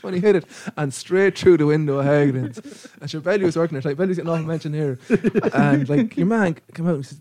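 A man's voice: on the high side, a little fast, no room sound. An Irish man with a slightly raised voice hosts a podcast among friends, joking and acting out the lines in his stories. The sound is dry and close to the mic, with no room around it. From Ireland. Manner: animated storyteller, acts out quotes. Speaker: podcast host. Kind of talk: casual banter among friends. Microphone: studio mic.

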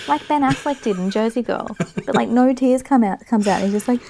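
A woman's voice: fairly high pitch, animated, normal speed, hardly any pauses, warm tone. Blunt, ranting woman co-host. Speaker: podcast co-host. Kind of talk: casual chat.

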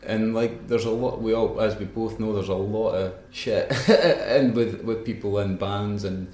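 A man's voice: on the low side, steady tone, measured pace, a little mellow. Laughing Scottish man in a roomy space. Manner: rambling, laughs often while telling stories. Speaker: musician guest. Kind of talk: casual interview chat. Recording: roomy echo.

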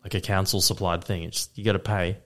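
A low-voiced Australian man trades blunt, deadpan one-liners in casual podcast banter. He swears easily and drops into flat storytelling. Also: a little fast. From Queensland, Australia. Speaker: podcast co-host. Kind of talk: casual chat.

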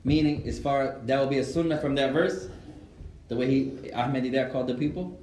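A man teaching an Islamic class, mixing Arabic phrases into lively storytelling and answering students' questions. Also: mid-range voice, fairly quick, a little hiss or hum. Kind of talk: lecture with Q&A. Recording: echoey room.

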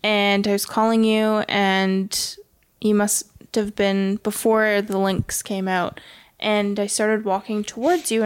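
A woman's voice: medium pitch, clear, resonant tone. A woman talking as a podcast guest, retelling a story in casual chat and quoting what people said. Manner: chatty, quotes others in run-on retelling.

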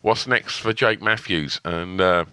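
A man's voice: low voice, a little slow, pushed and bright, clear, resonant tone, no echo. A man co-hosting a podcast, chatting casually, laughing often and restarting his sentences. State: sore throat. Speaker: podcast co-host. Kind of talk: casual chat.

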